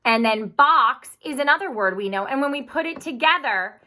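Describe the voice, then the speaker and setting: Woman teacher, bright, higher voice, slow, clear and encouraging for young pupils. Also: expressive. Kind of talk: online phonics lesson.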